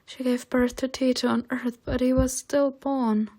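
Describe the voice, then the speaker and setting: A woman voicing a heartbroken female angel teacher who grieves for her sister, in a soft, hushed and trembling voice. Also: on the high side, fairly even intonation, unhurried, slightly rough. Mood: grieving.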